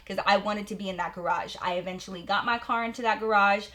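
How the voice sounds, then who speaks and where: A woman beauty vlogger telling a story while doing her makeup at home, in an animated, profane, slangy way. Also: medium pitch, brisk, hardly any pauses. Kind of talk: get-ready-with-me storytime.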